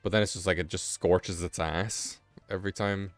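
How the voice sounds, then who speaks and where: A man's voice: deep voice, fairly even intonation, normal speed, no echo, soft background music. A man hosting a live stream, reading text aloud in a rambling, offhand way and breaking off for casual asides. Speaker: livestream host.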